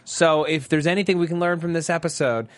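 A man's voice: on the high side, brisk, no echo. Male co-host, chatty and rambling, dry close-mic sound. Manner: chatty, rambling with many fillers and restarts, breaks into jokey impressions. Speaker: podcast co-host. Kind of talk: casual chat recapping a TV episode.

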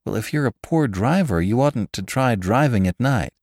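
A man's voice: mid-range voice, expressive, normal speed, a little mellow, dry recording, clean studio sound, pitched above the performer's own voice. A man voicing an exasperated male onlooker who scolds with incredulous questions, in an audiobook reading. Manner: exasperated, sharply rising questions.

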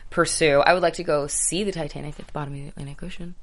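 A young actress chatting casually as an interview guest, laughing often and acting out quoted lines. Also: female voice, sits low, steady tone, very fast.

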